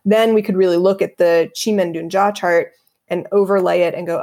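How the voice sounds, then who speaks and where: An earnest, reflective middle-aged woman speaks as a podcast guest, her voice sitting at an ordinary pitch. She explains her practice in a conversational way and breaks into laughter easily. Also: a little fast, warm tone. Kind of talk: conversational interview answers.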